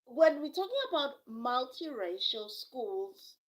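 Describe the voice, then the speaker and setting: A young woman telling a personal story on a live stream from home, animated and acting out what others said. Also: high-pitched, slow, rough recording. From South Africa. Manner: animated, acts out quoted voices. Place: home, quiet with a sleeping baby.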